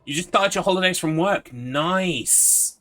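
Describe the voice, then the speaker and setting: A man's voice: high-pitched, measured pace, pushed and bright. A man streaming a game live, chatting in an upbeat way, reading chat aloud and laughing often.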